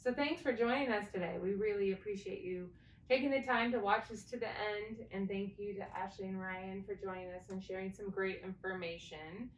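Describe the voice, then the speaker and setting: A woman co-hosting a casual panel talk, matter-of-fact in how she speaks. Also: a little fast. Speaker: co-host. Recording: echoey room, distant mic, faint rumble.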